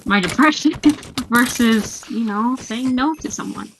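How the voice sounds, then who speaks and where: A young woman hosting a casual gaming chat, telling a story in an animated, giggly way. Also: fairly high pitch, unhurried, slight background noise. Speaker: host. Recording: lo-fi muffled mic.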